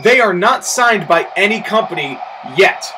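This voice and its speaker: A man giving excitable play-by-play commentary on a wrestling match, breaking into loud, shouting rants and incredulous outbursts. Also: sits high, normal speed, a little hiss or hum, rough recording.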